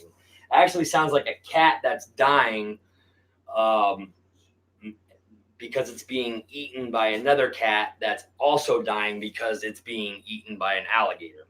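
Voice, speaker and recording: A man's voice: lowish voice, measured pace, fairly bright tone, rough recording. A man hosting a hobby video, talking casually and bluntly with constant swearing while he works on a model plane. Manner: blunt, heavy swearing, addresses viewers as "you guys". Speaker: RC hobby channel host. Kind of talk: casual profane workshop talk to camera.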